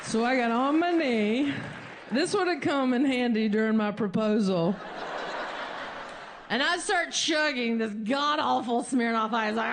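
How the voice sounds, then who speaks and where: A woman telling a long comic story on stage as a stand-up comedian, animated and jumping high in pitch when she acts out quotes. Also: measured pace, some chatter behind, slight background noise.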